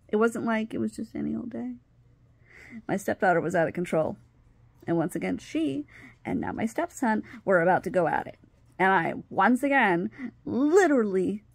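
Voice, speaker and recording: A middle-aged woman telling a personal story on her video channel, animated, acting out what others said and sometimes dropping to a whisper. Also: medium pitch, creaky, dry recording. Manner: animated, acts out quoted dialogue, drops to whispers. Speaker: vlogger.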